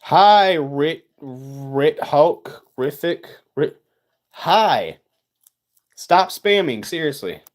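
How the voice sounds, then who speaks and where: A man's voice: fairly high pitch, lively intonation, very slow. A man, chatting casually with livestream viewers, rambling with stammers and sarcastic asides.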